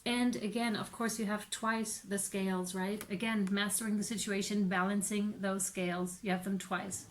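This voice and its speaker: An excitable woman giving a casual tarot reading, talking straight to her viewers, swearing now and then and laughing often. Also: medium pitch, moderate pace, few pauses, slight background noise. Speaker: tarot reader.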